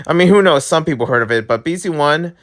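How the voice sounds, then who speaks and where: A young man who makes gaming videos, talking straight to his viewers in a casual, excitable rant. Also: on the high side. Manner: animated, excitable, talks to viewers directly. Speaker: gaming YouTuber.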